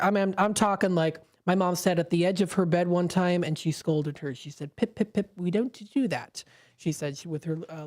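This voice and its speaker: Chatty woman radio host, low voice. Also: darkish tone. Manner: chatty, rambling, with frequent fillers and laughs. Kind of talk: casual radio talk. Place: radio studio. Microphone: studio microphone.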